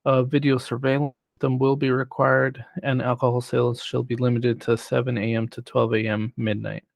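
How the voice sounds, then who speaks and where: A man on city planning staff who presents a formal report in a measured way, reading prepared remarks. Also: mid-range voice, flat delivery, gravelly, dry recording. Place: city council chamber.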